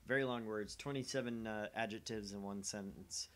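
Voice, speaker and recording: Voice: mid-range voice, a little fast. A parent streaming a video game with their daughter, chatting casually with jokey asides.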